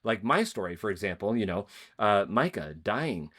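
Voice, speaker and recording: A man's voice: fairly low pitch, very animated, normal speed, a bit bright. A man hosting a podcast, telling a personal story in an earnest, rambling way with many restarts. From Spokane, Washington area. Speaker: podcast host. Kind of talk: conversational interview.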